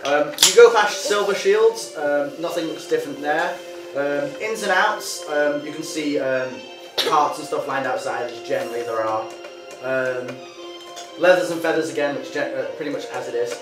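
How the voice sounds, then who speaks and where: A man narrating as game master, hesitant and full of pauses. The voice sounds roomy and distant, with music behind it. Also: fairly high pitch.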